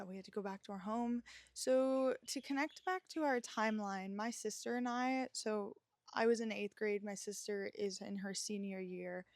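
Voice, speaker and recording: A woman's voice: medium pitch, a little mellow, no echo. A young woman in her twenties talks openly and emotionally, working her way through a personal story with plenty of fillers, restarts and self-corrections. Her voice sits in an ordinary middle register, recorded close and dry with no room sound. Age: 20s. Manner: candid, emotional, rambling with many fillers and restarts. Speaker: podcast host.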